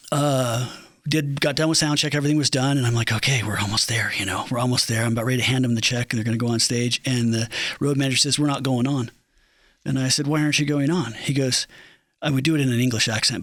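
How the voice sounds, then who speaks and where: A man's voice: medium pitch, fast, dry recording. Man telling backstage stories, dry sound. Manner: animated storyteller, acts out quotes, many fillers. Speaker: entertainment director. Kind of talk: storytelling in an interview.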